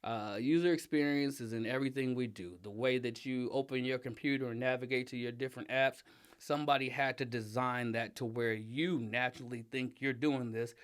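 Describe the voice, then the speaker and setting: A middle-aged man in a relaxed interview, speaking in an emphatic, animated way. His voice sits in an ordinary middle pitch, and he laughs easily and turns loud when riled up. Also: a little fast, clean tone. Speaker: interview guest, father and design director. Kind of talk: casual conversational interview.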